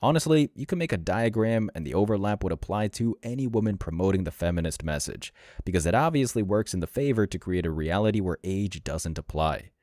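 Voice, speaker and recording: A man's voice: low-pitched, expressive, fairly quick, darkish tone, no room sound, studio quality. A man narrating reaction clips in a scripted, sneering and mocking tone. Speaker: commentary channel narrator.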